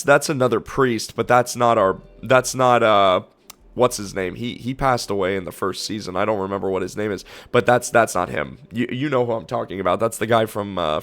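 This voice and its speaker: A man streaming, giving excited reaction commentary with loud gushing outbursts. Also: on the low side.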